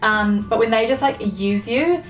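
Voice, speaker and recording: A young woman vlogger rants casually to camera, exasperated, swearing a lot and leaning heavily on fillers. Her fairly high voice is expressive and a little slow, with faint music behind her. The room is echoey and the mic is at a distance.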